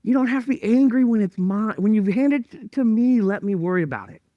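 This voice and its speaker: A man voicing God, gentle and reassuring. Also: high-pitched, no room sound, muffled recording, pitched above the performer's own voice. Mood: gentle reassurance. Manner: calm, reassuring, unhurried. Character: gentle patient voice of God, male. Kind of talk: sermon storytelling.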